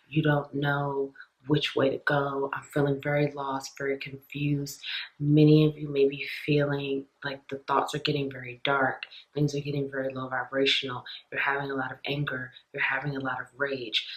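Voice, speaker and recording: A woman hosting a tarot reading, talking softly and earnestly to her viewers, often dropping near a whisper. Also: extremely low pitch, rough recording. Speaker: tarot reader, channel host.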